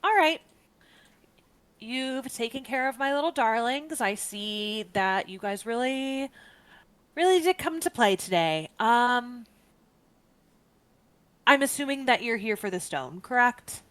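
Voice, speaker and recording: A woman's voice: a little high, expressive, slow pace, pauses often, a bit bright, clear, resonant tone. A woman playing a smug bog witch. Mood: smug bargaining. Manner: bargaining, chatty and smug. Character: cranky female bog witch, possessive of her swamp.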